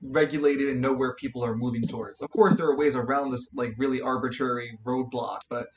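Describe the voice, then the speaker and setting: A man's voice: mid-range voice, steady tone, fairly quick, a little hiss or hum. A young man narrating as game master of a tabletop role-play, rambling with many fillers and restarts.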